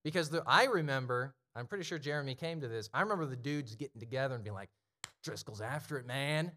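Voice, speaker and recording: A man's voice: medium pitch, animated, pushed and bright, a little hiss or hum. Conversational man preaching a sermon. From Ohio. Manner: conversational preaching that swells to emphatic, slowed declarations. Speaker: pastor.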